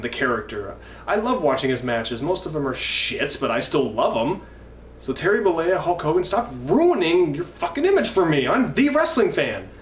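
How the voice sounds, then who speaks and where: Recorded from a distance in an echoey room with faint background noise, a young man in his twenties vents about wrestling on his vlog. His voice is a little high, and he rambles, swears, and sounds indignant.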